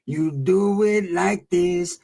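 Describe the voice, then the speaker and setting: A man voicing an older gang veteran who talks slow, low and pompous. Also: gravelly, dark tone, exaggerated voice. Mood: drawling.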